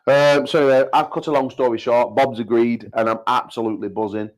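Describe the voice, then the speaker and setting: A British man running a casual livestream chat, bantering with quick asides and doubling back on his words as he goes. His voice sits at an ordinary middle pitch for a man. He sounds like a promoter talking straight to his audience. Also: fairly even intonation. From United Kingdom. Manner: banter-heavy, repeats himself, quick joking asides. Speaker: arm wrestling promoter and show host.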